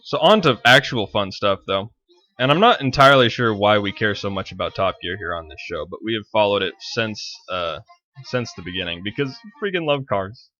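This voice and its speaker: This is a man with a low voice and a bright, forceful tone. He co-hosts a casual chat show and rambles as he hunts for the right word. The audio is dull and lo-fi. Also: lively intonation, brisk. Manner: rambling, searches for words. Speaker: podcast co-host.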